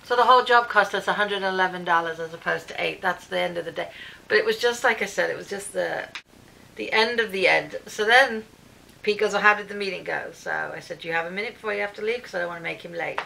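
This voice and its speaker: A British vlogger rants casually about her day at home, chatting quickly in a medium-pitched, gravelly voice and acting out what everyone said. It's captured on her own camera, so the audio is low quality with a little hiss or hum.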